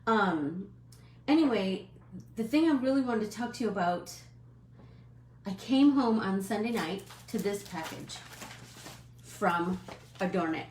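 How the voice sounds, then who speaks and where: A middle-aged woman hosting a casual live stream, chatting in a friendly, rambling way with many fillers and quick apologies. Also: mid-range voice, expressive, darkish tone, reverberant.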